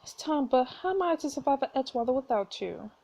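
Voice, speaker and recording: A woman's voice: high-pitched, lively intonation, quick pace, vocal fry, warm tone, full character voice. A woman voicing an earnest, emotional young heroine in a story game, read aloud.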